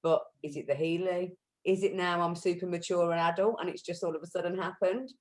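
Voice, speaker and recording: A woman chatting casually as a wellness practitioner, telling lively stories and acting out what people said. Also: on the low side, a little fast, poor audio. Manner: lively storyteller, acts out quotes; self-described shouty. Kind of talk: casual group chat.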